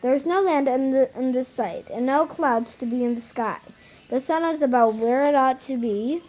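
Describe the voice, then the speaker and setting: A woman reading a children's novel aloud, halting with many stumbles and restarts. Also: sits high, darkish tone, low-quality recording. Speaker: reader.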